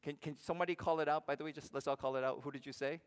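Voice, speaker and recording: Pastor guy preaching to his church, chatty, asks the crowd stuff, goes loud then real quiet, long echo in the hall. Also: a little high, fairly even intonation, racing, clear, resonant tone. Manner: conversational preaching, asks the congregation questions, swings from loud to hushed. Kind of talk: sermon.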